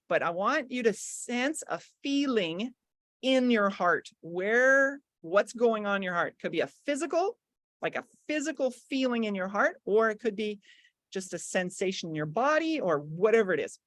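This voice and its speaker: A middle-aged woman leading a guided visualization on a group video call, lively and coaching, swinging between bubbly and hushed. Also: mid-range voice, no room sound, studio quality. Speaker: workshop guest leading the call.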